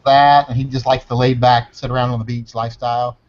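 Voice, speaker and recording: A man's voice: medium pitch, level tone, fast, a little mellow. A man in a casual podcast chat, blunt and joking, with the odd curse. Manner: blunt, joking, occasionally profane. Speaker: podcast co-host. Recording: dull lo-fi sound.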